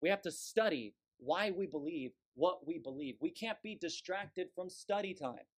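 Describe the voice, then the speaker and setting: A man preaching a sermon from the pulpit, forceful and emphatic, scornful toward those he condemns. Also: sits high, lively intonation, moderate pace. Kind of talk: fiery sermon.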